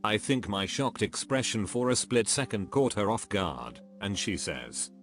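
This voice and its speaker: A man narrating a series of reader-submitted stories in a steady, even, scripted reading. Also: lowish voice, measured pace, hardly any pauses. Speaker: narrator reading online posts. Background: faint background music.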